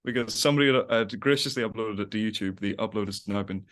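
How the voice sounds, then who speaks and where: A man's voice: on the low side, fast talker, fairly bright tone. A young man as a podcast guest, rambling in casual chat, laughing often and acting out little quotes. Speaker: podcast guest, web series creator.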